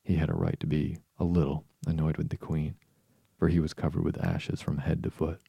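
A man narrating a storybook audiobook in a steady, measured reading. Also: a bass voice, vocal fry, breathy edge, dry recording, dull audio.

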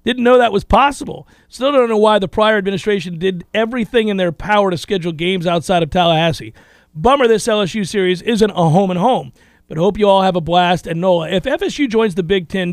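A man's voice: sits high, brisk, no echo. A man hosting a casual sports talk radio show, reading listener questions and laughing easily.

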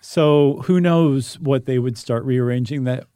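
A man in a casual podcast chat, patiently explaining big ideas with a warm, mellow tone. His voice sits in a middle register and is recorded close and dry. He thinks aloud, with the odd "um" and restart. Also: medium pitch, a little slow, clear, resonant tone, no echo. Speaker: podcast co-host.

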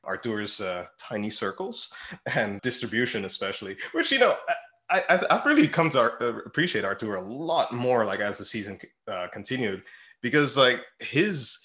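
Bright-toned man chatting about football. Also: mid-range voice, sing-song, normal speed. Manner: rambling, laughs often, many fillers. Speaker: podcast co-host. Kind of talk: casual chat about football.

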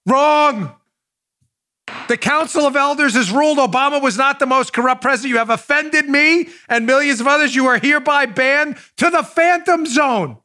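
A man voicing a male council elder who loudly scolds and hands down a ban. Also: extremely high pitch, normal speed, voice pushed up. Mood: shrill scolding. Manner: shouting, indignant decree.

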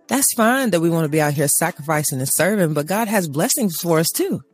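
A woman's voice: fairly low pitch, animated, a little fast, slightly rough, faint music behind. A woman co-hosting a faith talk show, ranting emphatically and acting out little dialogues. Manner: emphatic, acts out dialogues, laughing asides. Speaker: co-host. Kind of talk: animated faith talk, preaching rant.

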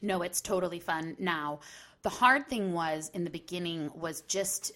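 A woman guest on a talk podcast, telling her stories in a chatty, lively way. Her voice sits somewhat low. She speaks casually. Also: unhurried. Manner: chatty, animated storyteller. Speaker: guest actress. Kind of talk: casual interview chat.

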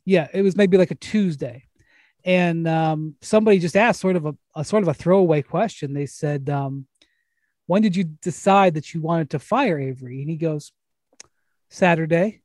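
Male host, high-pitched, loose rambling anecdotes, dry mic. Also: moderate pace, darkish tone, no room sound. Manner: rambling storyteller, frequent restarts and laughs. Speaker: podcast host. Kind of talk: casual sports chat.

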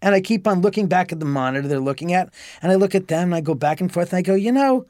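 A man telling a story as a podcast guest, animated and profane, acting out the dialogue. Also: sits high, rapid-fire, no room sound, clean studio sound. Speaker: homeowner guest.

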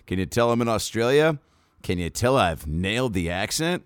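A man's voice: on the low side, sing-song, normal speed, clear, resonant tone, dry recording, clean studio sound. A male comedian hosting his podcast in a loose, joking way, swearing freely. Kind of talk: casual chat. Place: in Australia.

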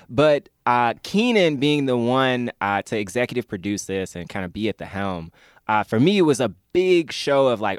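A man's voice: mid-range voice, sing-song, a little fast, no room sound, clean studio sound. A man in his thirties chatting as an interview guest, enthusiastic and rambling, laughing often. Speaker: guest, comedy fan. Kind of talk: casual interview chat.

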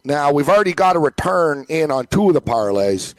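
Man, sports talk co-host, emphatic rambling rant, slightly high pitch, dry studio sound. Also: sing-song, a little fast, dry recording, rough recording. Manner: rambling, emphatic ranting with many fillers. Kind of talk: casual sports chat.

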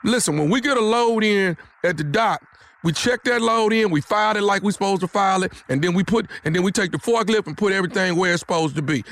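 A man running a radio prank phone call, needling and confrontational. He stammers and repeats himself as he presses his point. His voice sits high. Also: fast, a bit bright.

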